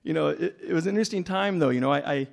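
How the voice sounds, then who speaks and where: A man's voice: a little high, rapid-fire, vocal fry. A man giving an informal speech at a school breakfast, rambling and conversational and full of homespun analogies.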